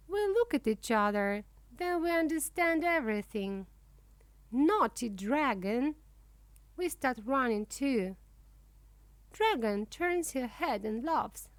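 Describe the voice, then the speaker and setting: Casting: woman narrator for a kids' reader, slow and very lively pitch, dry close sound. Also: no echo. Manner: slow, clear and expressive. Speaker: audiobook narrator. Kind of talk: reading a children's book for English learners.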